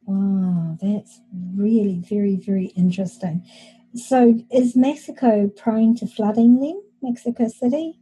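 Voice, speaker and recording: A woman's voice: medium pitch, a little slow, dark tone, breathy edge, rough recording. A woman host, listening closely and asking follow-up questions in a casual interview. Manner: attentive, asks follow-up questions. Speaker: podcast host.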